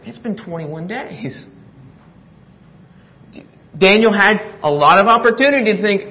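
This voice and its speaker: A man's voice: high-pitched, measured pace, long pauses. A man preaching a sermon, reading scripture aloud with earnest drama and a touch of humor. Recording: muffled lo-fi recording.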